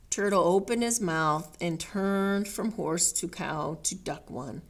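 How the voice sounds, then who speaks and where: A woman librarian reading a picture book aloud at a children's story time, slow and animated, asking the kids questions. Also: fairly low pitch.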